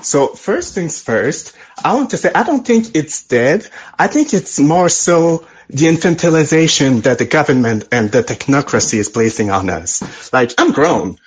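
A husky man with a French accent calls in from France, and his voice swings widely in pitch. He argues his point in a playful, blunt manner and laughs often. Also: lively intonation, normal speed. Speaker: caller. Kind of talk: call-in opinion.

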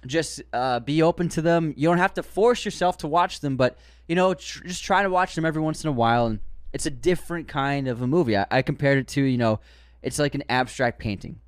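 A man's voice: a little high, fairly quick, clear, resonant tone, no echo, clean studio sound. A man with a Boston accent co-hosting a podcast in casual chat, reading listener comments aloud with mock outrage. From Boston area. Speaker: podcast co-host.

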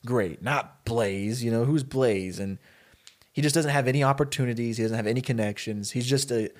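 A man in a casual podcast chat, spinning a story for his co-host. He slips into the characters' lines with quick, animated bursts, then drops back to his plain middle-pitched voice.

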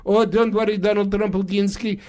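Play it as a man doing an older Russian strongman: thick accent, high and sly, broken English, chuckles between threats. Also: little pitch movement, brisk, a little mellow, lightly acted. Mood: gleeful.

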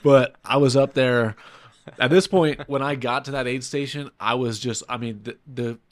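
A man telling a story in casual podcast chat, animated, often acting out what he said. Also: medium pitch, moderate pace, no echo. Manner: animated storytelling, acts out his own quotes. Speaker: ultramarathon runner recounting his race.

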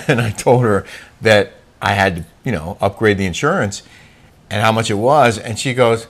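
A middle-aged man co-hosting a casual chat show, telling stories with an animated delivery and frequent laughs. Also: fairly low pitch, moderate pace. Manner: animated storytelling, laughs often. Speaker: co-host.

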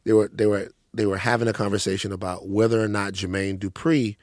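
A man's voice: fairly low pitch, fairly even intonation, brisk, a little mellow, dry recording, clean studio sound. A man co-hosting a podcast, joking and swearing freely as he rambles in casual chat. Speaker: podcast co-host.

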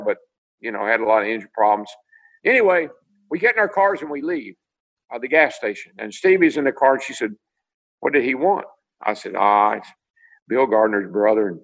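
In a video-call interview, a former racing driver from Tennessee, now older, tells animated stories and acts out the dialogue. His voice has medium pitch, and the audio is poor.

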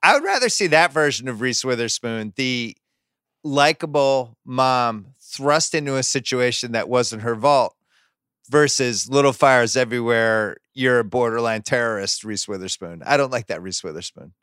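A man hosting a podcast, riffing in casual pop-culture chat with opinionated, animated asides, close to the microphone. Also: mid-range voice, normal speed, smooth, no echo. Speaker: podcast host.

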